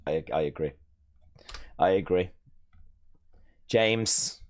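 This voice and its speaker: A man hosts a live stream in a relaxed, unhurried chat. His voice is smooth and fairly low, and he rambles good-naturedly with plenty of fillers as he reacts to his viewers. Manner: chatty, rambling, self-mocking, with fillers. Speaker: streamer hosting a watch-along.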